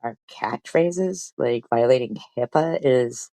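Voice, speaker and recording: A middle-aged woman with a very low voice rants on her stream. She mocks and curses at a clip she plays. The sound is dry and close. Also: slow pace, warm tone, no room sound, low-quality recording. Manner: profane, mocking, talks back at a played clip. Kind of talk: heated commentary over played clips.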